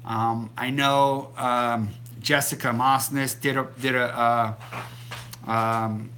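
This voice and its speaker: A man's voice: medium pitch, flat delivery, slow, pushed and bright. A middle-aged man hosting a casual live stream about the keto diet, rambling along with many ums and restarts. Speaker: keto diet channel host.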